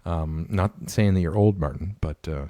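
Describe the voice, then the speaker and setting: A man's voice: low-pitched, normal speed, mellow, no room sound. A young man from Canada co-hosting a podcast, chatting casually and reading out comments from viewers. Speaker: podcast co-host. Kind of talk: casual chat with live chat readers.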